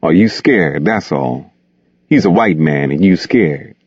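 Read by a man, a restless streetwise young man speaks bluntly in clipped slang, his voice low and deep. The delivery is lively, rising and falling, on a dull, dry, lo-fi recording. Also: slow, slightly rough, dry recording, exaggerated voice. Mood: taunting.

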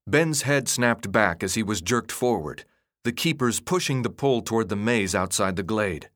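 A man reading a novel aloud in a dramatic, expressive narration style. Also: fairly low pitch, normal speed, no room sound, studio quality. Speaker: audiobook narrator. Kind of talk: scripted narration.

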